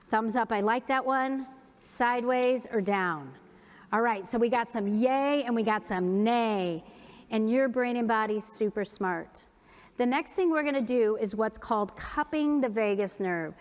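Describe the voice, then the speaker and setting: A woman giving a keynote talk, leading an audience through breathing and humming exercises. She is upbeat and playful, pokes fun at herself, and slows down for soft, gentle cues. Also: on the high side. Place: large conference hall. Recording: long hall reverb.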